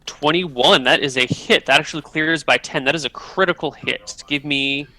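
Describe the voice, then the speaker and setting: A man's voice: a little high, normal speed, pushed and bright, slight background noise, low-quality recording. A man narrating as dungeon master, patiently explaining rules step by step. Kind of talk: narrating a tabletop game.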